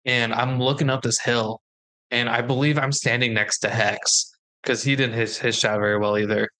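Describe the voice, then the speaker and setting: Bright-voiced man telling a story. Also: medium pitch, moderate pace. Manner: animated storyteller acting out quoted dialogue. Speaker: podcast co-host. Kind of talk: casual chat.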